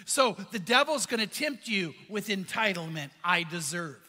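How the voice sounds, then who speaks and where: A man's voice: high-pitched, expressive, normal speed, sharp tone, long reverb tail. A man preaching a sermon as pastor, earnest and conversational, asking the congregation questions.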